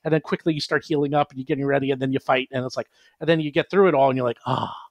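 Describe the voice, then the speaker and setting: A man talking casually on a podcast about tabletop games, lively and animated, dropping into playful voices when he quotes his players. His voice sits in the middle of the range, and the recording is dry and close. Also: medium pitch, rapid-fire, dry recording. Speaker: guest, adventure author and publisher.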